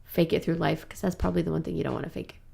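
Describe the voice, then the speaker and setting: Gravelly-voiced woman telling lively stories. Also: low-pitched. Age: 30s. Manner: animated storyteller, laughs often, quick asides. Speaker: podcast guest, improv actress. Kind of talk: casual chat.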